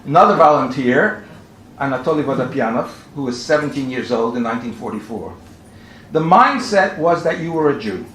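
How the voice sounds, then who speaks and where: A man giving a measured academic lecture at a conference, reading out quotations as he goes. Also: on the high side, a bit bright, a little hiss or hum. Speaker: conference speaker. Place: conference hall. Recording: roomy hall with faint ambience.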